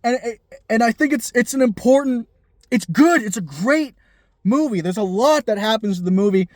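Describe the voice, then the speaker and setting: A man's voice: very high-pitched, animated, moderate pace, no echo, clean studio sound. A man giving a casual film review in an emphatic, profane way, restarting his sentences often.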